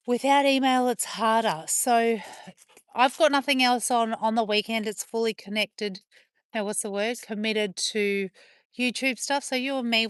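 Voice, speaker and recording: A woman chatting with viewers on a livestream while playing with her dogs, slipping into high sing-song praise for them. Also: fairly bright tone, no room sound, studio quality. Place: outdoors on a rural property with dogs.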